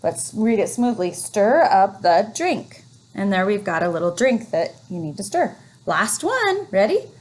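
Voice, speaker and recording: A woman teacher leading a phonics lesson for young children, reading words slowly and encouragingly. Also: mid-range voice, big pitch swings. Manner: slow, encouraging, drawn-out reading.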